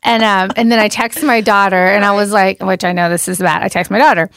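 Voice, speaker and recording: A woman in her forties telling a wild story on a casual podcast, animated and laughing, swearing freely. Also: mid-range voice, fairly quick, no room sound, studio quality. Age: 40s. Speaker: podcast co-host.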